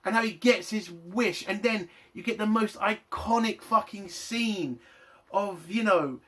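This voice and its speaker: A man's voice: high-pitched, a little slow, fairly bright tone, slightly rough. A man and army veteran giving a heated, profane rant reviewing a game's campaign. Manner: angry, profane, exasperated. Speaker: game reviewer. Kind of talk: ranting game review.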